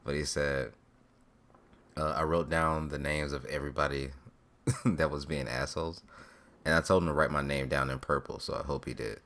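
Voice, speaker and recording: Very deep sleepy laid-back man. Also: fairly even intonation, normal speed, pauses often, fairly bright tone. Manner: laid-back, drawling, with many fillers. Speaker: stream viewer joining a call. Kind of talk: casual chat.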